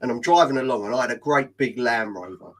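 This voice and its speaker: A middle-aged British man telling funny stories in casual chat. He talks in an animated way, laughs as he goes and swears freely. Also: medium pitch, fast, low-quality recording. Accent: British English.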